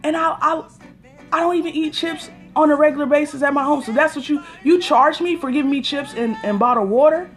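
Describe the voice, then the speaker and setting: Hosting a casual livestream on her phone, a woman whose voice sits high talks fairly quickly. She works through an exasperated story, stopping to greet viewers by name.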